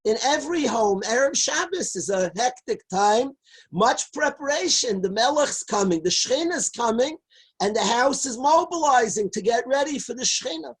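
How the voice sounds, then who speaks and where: A man, a rabbi, telling a Talmud story as a lively lecture. He quotes each line in Hebrew and Aramaic and then translates it. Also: very high voice, moderate pace, slightly rough, poor audio. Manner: lively storyteller who shouts out the characters' lines. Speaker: rabbi teaching a Talmud class. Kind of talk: animated Torah lecture storytelling.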